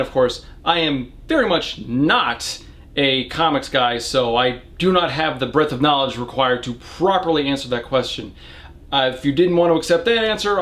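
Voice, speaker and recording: Dry-humored man with a higher voice. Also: a bit bright. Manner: dry, wry and offhand, reading questions then answering them. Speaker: book and movie reviewer answering viewer questions. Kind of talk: casual Q&A monologue.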